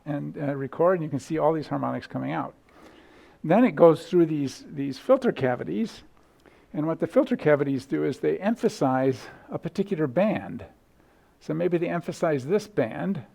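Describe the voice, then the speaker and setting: A man's voice: on the high side, vocal fry, a little mellow. A middle-aged man lecturing casually in a lecture hall, thinking aloud with restarts and sung vowel demos. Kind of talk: university lecture.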